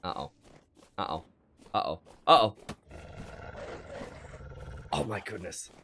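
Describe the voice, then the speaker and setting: In a low, slow voice with slight background noise, a man provides survival-game commentary on stream. He reads chat, recounts his fights, talks to himself and is animated and quick to laugh.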